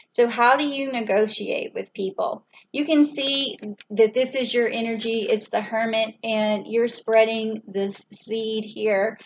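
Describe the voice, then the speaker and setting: Her voice on the high side, a woman does a relaxed tarot reading, musing aloud in a chatty way full of fillers and light laughter. The recording is muffled, with slight background noise.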